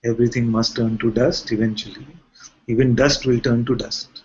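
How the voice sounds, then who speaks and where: A man's voice: mid-range voice, little pitch movement, normal speed, husky. A man who is a spiritual teacher, giving a conversational talk to a gathering and often asking rhetorical questions. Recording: muffled lo-fi recording.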